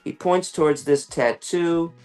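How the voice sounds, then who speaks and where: Animated man telling a story. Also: on the high side, measured pace, clear, resonant tone, soft background music. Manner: animated, acts out quoted voices, swears casually. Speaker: guest, animal rights activist. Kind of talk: conversational storytelling.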